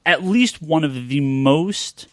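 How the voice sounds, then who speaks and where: A man's voice: fairly high pitch, slow pace, a bit bright, dry recording, clean studio sound. A man hosting a casual podcast chat, quizzing his co-hosts and reading out a ranked list. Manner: casual, swearing. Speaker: podcast host.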